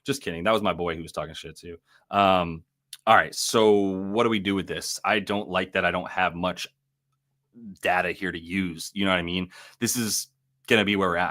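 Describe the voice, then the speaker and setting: A man's voice: deep voice, sharp tone. A man hosting a live sports betting stream, talking loosely and profanely with lots of fillers and self-corrections. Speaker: sports betting show host. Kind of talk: casual live-stream commentary.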